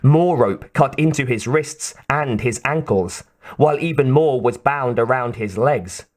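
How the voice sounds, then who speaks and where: A man reading an audiobook in a slow, measured narration. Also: mid-range voice.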